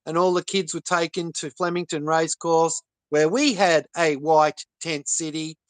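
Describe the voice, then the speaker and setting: Earnest halting man, close and dry. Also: a little high, fairly bright tone, smooth, no echo. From Australia. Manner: earnest, halting, many fillers. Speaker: livestream guest. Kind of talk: casual livestream talk.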